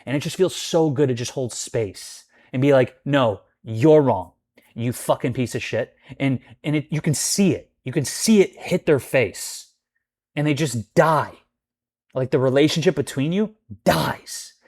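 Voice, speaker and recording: A man's voice: on the high side, measured pace, a little mellow. A young man venting to camera about his roommate and landlord, cursing often, heated and rambling with restarts. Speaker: vlogger. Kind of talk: angry venting monologue.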